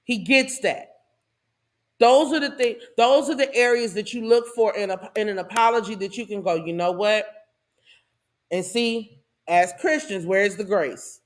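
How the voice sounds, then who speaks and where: A woman hosting her own channel, giving a casual and animated commentary monologue with a preachy tone and laughing asides. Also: mid-range voice, a little slow. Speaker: host.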